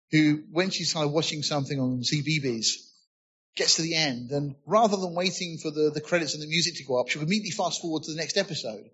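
A man preaches an earnest, expository sermon, often asking his listeners rhetorical questions. His voice sits a touch high and has a husky edge. The recording sounds slightly muffled. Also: fairly bright tone.

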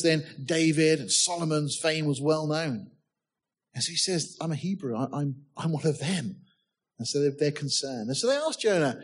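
A man with a husky, somewhat high voice, preaching a sermon. He reads the old scripture wording aloud, asks his listeners questions, and adds touches of humor. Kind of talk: sermon with Bible reading.

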